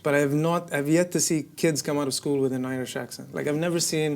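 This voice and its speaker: A man's voice: fairly high pitch, steady tone, racing, creaky. A man in his thirties from the United Arab Emirates, a comedian chatting casually on a podcast, joking and laughing often at his own expense. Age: 30s. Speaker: comedian guest.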